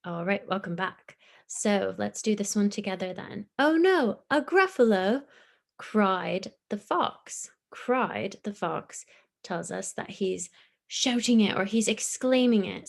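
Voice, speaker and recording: A woman teacher giving a recorded online lesson to young children, gentle and encouraging, explaining step by step. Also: mid-range voice, vocal fry. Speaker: primary school teacher.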